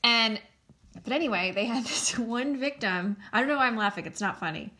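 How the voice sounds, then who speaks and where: A woman's voice: on the high side, lively intonation, a little fast, sharp tone. A young woman hosting a solo podcast, chatting in a candid, rambling way and swearing now and then. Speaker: podcast host. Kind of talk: solo casual chat.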